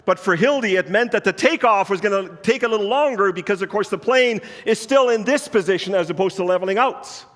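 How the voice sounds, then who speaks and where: A man with a high voice preaches in a church sanctuary, telling a personal story in an easy, earnest way. His voice trails off into a long hall reverb. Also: fairly quick, hardly any pauses, a bit bright. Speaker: pastor. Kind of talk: sermon.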